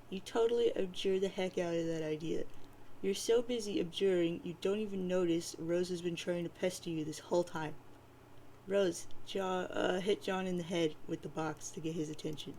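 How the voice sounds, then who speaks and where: A woman's voice: lowish voice, fairly even intonation, normal speed, a little mellow, slight background noise, rough recording. A woman casually reading a webcomic aloud, with playful, wry asides. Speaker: reader of a webcomic.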